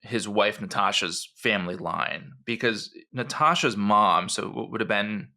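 A man co-hosting a history podcast, telling the story in an animated, conversational way with frequent asides. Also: lowish voice, a little slow. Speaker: podcast co-host.

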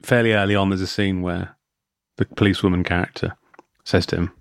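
A man's voice: low-pitched, fairly even intonation, a little fast, vocal fry, smooth, dry recording, studio quality. A man co-hosting a podcast, reviewing a film in casual chat, often repeating words, swearing and laughing. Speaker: podcast co-host.

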